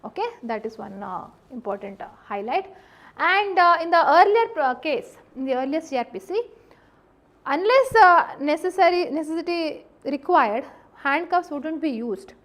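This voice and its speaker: A woman's voice: high voice, lively intonation, normal speed, a bit bright. A woman with an Indian English accent giving an exam-prep law lecture, explaining points carefully and repeating key ones, with frequent fillers.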